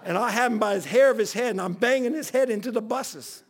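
A man's voice: very high-pitched, fast talker. A man, a pastor telling a funny story in a folksy sermon, often laughing as he goes. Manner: folksy and laughing, acts out voices.

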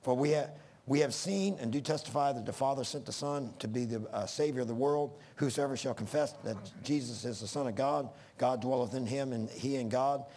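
A man's voice: medium pitch, a little fast, few pauses, darkish tone. A middle-aged man preaching a sermon in an earnest, folksy way that rises to emphatic bursts.

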